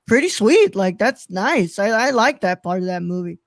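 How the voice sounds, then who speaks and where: A podcast co-host chatting eagerly, often stumbling and restarting sentences. The voice sits in a middle pitch range. The sound is dry and close. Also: normal speed, no room sound. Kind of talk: casual chat.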